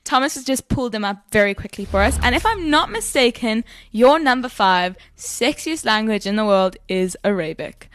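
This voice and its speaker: A young woman co-hosting a casual chat show, bubbly and quick to laugh. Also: fairly high pitch, lively intonation, fairly bright tone. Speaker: co-host.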